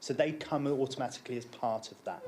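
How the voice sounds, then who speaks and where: Man, mid-pitched, measured explanation, faint hiss behind. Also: darkish tone. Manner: measured, repeats words when starting sentences. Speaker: applicant at a licensing hearing. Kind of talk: formal explanation at a council hearing.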